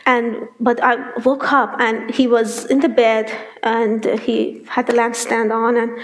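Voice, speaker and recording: A woman sharing a personal faith testimony, telling it lively, acting out what people said and laughing often. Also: a little high, a little slow. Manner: animated storyteller who acts out quoted dialogue and laughs often.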